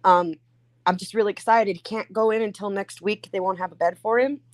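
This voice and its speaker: A woman's voice: mid-range voice, steady tone, brisk, no room sound. Middle-aged woman, earnest explainer in casual chat; dry, close sound. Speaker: guest in a chat.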